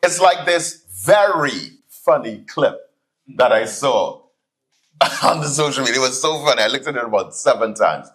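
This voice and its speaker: Animated man preaching a keynote. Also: mid-range voice, normal speed. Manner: animated storytelling, acts out voices in anecdotes. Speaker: keynote speaker, student minister. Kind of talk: sermon-style keynote address. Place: hall, live audience.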